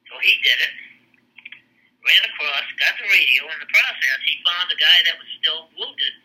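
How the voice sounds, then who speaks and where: An older man in casual conversation, telling family war stories in a rambling, halting way, with many restarts and blunt profanity. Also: on the high side, lively intonation, sharp tone, poor audio.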